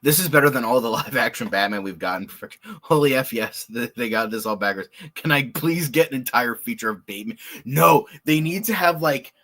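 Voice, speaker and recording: A man hosting a casual reaction show, excitable and rambling, swearing often and laughing. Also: mid-range voice, a little fast, few pauses. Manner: excitable, swears a lot, lots of filler words and laughs. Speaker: podcast host.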